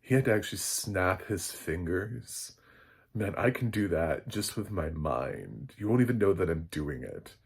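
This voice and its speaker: A man's voice: deep voice, expressive, unhurried, creaky, slightly rough, full character voice. A smug boastful supervillain, as a man mocks him. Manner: dismissive, bragging. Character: smug boastful all-powerful male villain.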